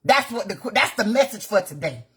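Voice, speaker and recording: Blunt, husky-voiced woman on a live rant. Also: mid-range voice, sing-song, fairly bright tone. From Gainesville, Florida. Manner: blunt, profane, rapid-fire rhetorical questions. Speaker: community activist. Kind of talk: impassioned live-video rant. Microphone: phone on a live video.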